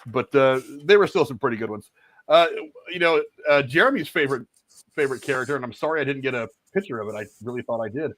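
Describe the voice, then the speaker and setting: A man's voice: mid-range voice, expressive, fast, fairly bright tone, no echo, low-quality recording. A man hosting a casual movie review podcast, swearing freely as he reads out film trivia.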